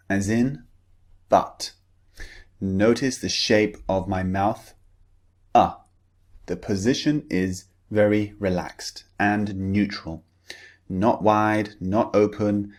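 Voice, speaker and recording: A man teaching pronunciation, enunciating each model word with slow, careful deliberation. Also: fairly low pitch, a little mellow.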